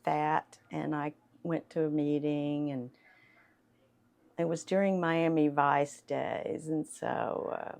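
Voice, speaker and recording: Older lady, light southern lilt, slow gravelly storyteller talking to a crowd. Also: low-pitched, steady tone, darkish tone. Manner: chatty, unhurried, laughs often. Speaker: actress and voiceover artist giving a talk. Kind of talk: storytelling talk to an audience.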